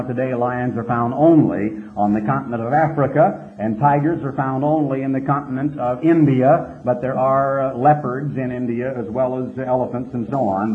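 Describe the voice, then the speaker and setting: A man teaching a Bible passage verse by verse, retelling the story with emphatic rises on key words. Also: medium pitch. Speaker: preacher. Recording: tinny phone-like old tape.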